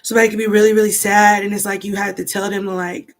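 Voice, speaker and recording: A woman's voice: mid-range voice, level tone, fast. A woman giving a rambling, chatty tarot card reading, thinking aloud as she goes. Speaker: tarot reader.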